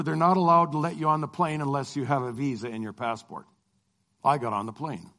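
A middle-aged man, a Christian lecturer, telling a personal travel story and acting out the dialogue. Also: on the high side. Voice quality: animated, acts out dialogue. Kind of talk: storytelling testimony.

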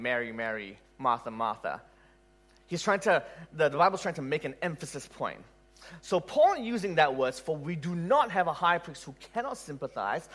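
A man preaching An animated male preacher delivering a sermon. His voice sits a little high and swings widely in pitch. He keeps throwing rhetorical questions at the listeners. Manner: animated, rhetorical questions, laughs at own story.

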